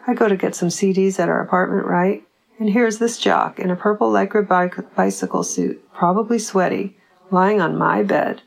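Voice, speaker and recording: A woman reading the part of a grown son ranting on the phone in a slangy, excited way. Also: mid-range voice, gravelly, low-quality recording.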